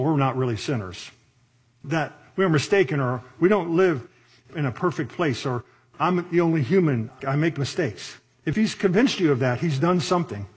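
A man preaching a sermon as a pastor, talking in a conversational way, asking rhetorical questions and slowing down to stress key words. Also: on the high side, breathy edge.

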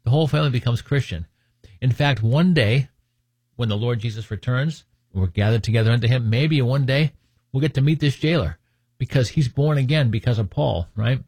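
A man's voice: mid-range voice, normal speed, a little mellow, slightly rough, no room sound. A man teaching from the Bible in a conversational way, reading scripture aloud and adding joking asides. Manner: joking asides, laughs at his own points; reads scripture aloud, then comments on it.

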